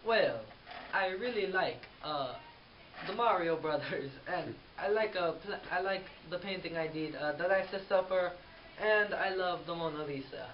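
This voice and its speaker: Dim, pizza-loving Leonardo, played by a teen boy, high voice, hissy lo-fi audio. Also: a little slow. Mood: dopey. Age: teens. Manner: vacant, repetitive, hesitant. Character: dim-witted male Leonardo da Vinci, pizza-obsessed. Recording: dull lo-fi audio with clear hiss.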